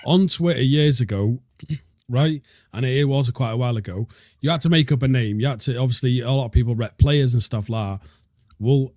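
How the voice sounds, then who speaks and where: A man's voice: mid-range voice, darkish tone, no room sound, clean studio sound. Chatty Welsh man co-hosting a podcast. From Wales. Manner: rambling, self-interrupting. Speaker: co-host. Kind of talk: casual football chat.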